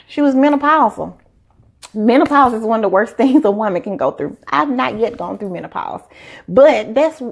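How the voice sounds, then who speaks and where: A woman's voice: mid-range voice, creaky. A woman, a doctor chatting casually on a live stream and acting out quotes as she tells stories. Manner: animated storyteller, acts out quotes. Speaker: doctor giving health advice.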